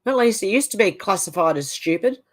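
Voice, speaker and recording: Here an Australian woman runs a livestream, reading viewers' chat messages out loud and reacting to them conversationally. She talks fairly quickly in a mid-range, animated voice.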